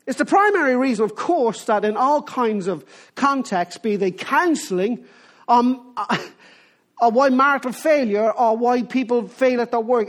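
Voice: mid-range voice, unhurried. A preacher giving a sermon in an emphatic way, often restarting phrases and putting rhetorical questions to the listeners.

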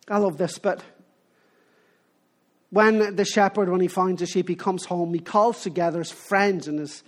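A preacher giving a sermon in an emphatic way, often restarting phrases and putting rhetorical questions to the listeners. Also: medium pitch.

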